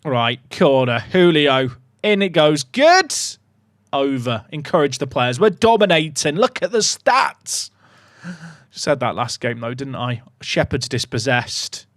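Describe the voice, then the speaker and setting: A young man streaming a football management game, commentating casually with sarcastic, excitable swings. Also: mid-range voice, takes it slowly, no room sound, clean studio sound. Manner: animated, sarcastic, swings between excitement and mock despair. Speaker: gaming streamer.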